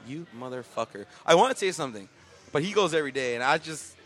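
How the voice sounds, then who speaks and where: A man's voice: fairly high pitch, lively intonation, quick pace, fairly bright tone. A man co-hosting a casual podcast, ranting profanely with lots of fillers and restarts. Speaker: podcast co-host. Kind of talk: casual comedic rant.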